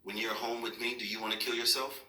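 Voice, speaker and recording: This father talks with his child patiently and firmly, offering reassurance in a serious heart-to-heart. He speaks fast in a medium-pitched, steady, sharp-toned voice, recorded from a distance in a room full of echo.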